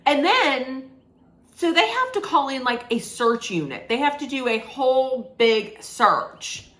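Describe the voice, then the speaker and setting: A woman's voice: high-pitched, very animated, a little slow, a bit bright. A woman casually recapping a film's plot as a reviewer, rambling with restarts and lots of "like". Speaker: movie reviewer. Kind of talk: casual spoiler recap of a film.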